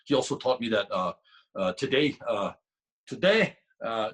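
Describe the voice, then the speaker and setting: Male podcast guest, husky, animated storyteller. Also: lowish voice, normal speed, poor audio. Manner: animated, laughing, many restarts. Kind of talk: casual storytelling.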